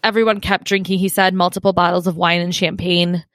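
A woman's voice: on the low side, little pitch movement, a little fast, fairly bright tone, dry recording. Chatty woman podcast co-host, dry sound. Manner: chatty, laughs often, recounts story. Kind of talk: casual true-crime chat.

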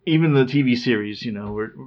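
A man's voice: medium pitch, quick pace. Chatty man on a lo-fi recording. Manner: chatty, rambling, laughs at his own stories. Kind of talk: casual chat. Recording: slightly dull lo-fi sound.

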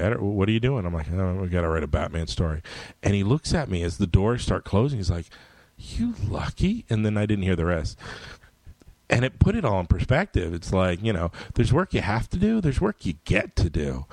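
Chatting casually, a middle-aged man who writes comic books spins stories and switches to loud voices for quoted lines. His voice is lowish and creaky, and the recording is dry.

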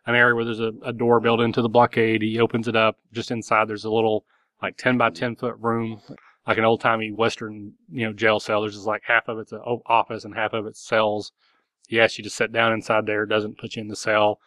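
A man's voice: fairly low pitch, completely flat delivery, brisk, a bit bright, no echo. A man narrating a tabletop game as game master, loose and rambling with many fillers.

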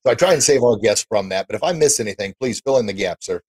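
A man's voice: on the low side, animated, fast, darkish tone, husky, poor audio. A man hosting an interview podcast, chatting with his guest in an eager, encouraging way. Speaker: podcast host. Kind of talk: casual interview chat.

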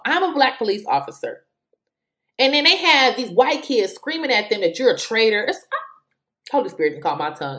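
A woman's voice: medium pitch, fairly bright tone. A woman speaking in who has school-age kids, giving fiery, exasperated political commentary and repeating words for emphasis. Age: adult with school-age children.

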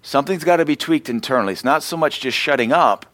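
A male pastor with a fairly high, bright voice speaks fast and animatedly, with no room sound. His conversational sermon teaching blends scripture with self-deprecating personal stories.

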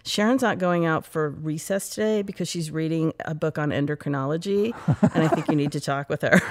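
Middle-aged american woman, chatty and animated, slightly low voice, doing voices for her past self. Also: moderate pace. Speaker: physicist, interview guest. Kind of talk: casual interview storytelling.

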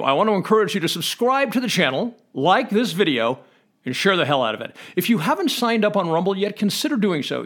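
A man hosting a podcast, reading and explaining legal definitions in a measured, emphatic way, quoting statutes aloud. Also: fairly high pitch. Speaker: podcast host explaining law.

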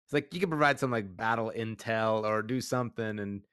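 A man's voice: lowish voice, fairly quick, fairly bright tone, smooth, no room sound, studio quality. A man in casual chat recapping a TV episode, rambling and enthusiastic with lots of fillers.

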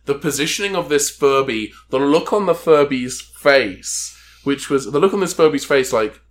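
A man's voice: medium pitch, expressive, moderate pace. A man co-hosting a podcast, giving a sarcastic, rambling review of a film in casual chat. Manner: wry, sarcastic, rambling with restarts. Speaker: podcast co-host.

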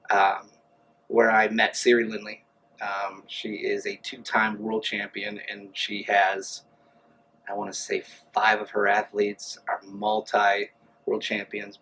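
A man's voice: lowish voice, fairly bright tone, slight background noise, rough recording. A man telling stories casually as an interview guest, acting out the voices of the people he quotes. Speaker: guest, amateur triathlete.

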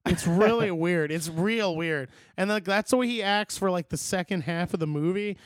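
A man's voice: sits high, normal speed, no room sound. A young man in casual chat, rambling and swearing as he retells movie scenes. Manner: rambling, profane, quotes movie lines in put-on voices.

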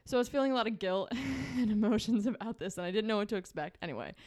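A woman's voice: mid-range voice, quick pace, darkish tone. A young woman co-hosting a podcast, telling a story in a casual chat with many fillers and frequent laughs. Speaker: podcast co-host.

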